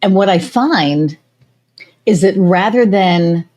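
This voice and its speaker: A middle-aged woman hosting a podcast, telling stories in a lively, chatty way and acting out what others said. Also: mid-range voice, slow. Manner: animated storytelling, acts out quoted voices. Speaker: podcast host. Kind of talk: casual chat.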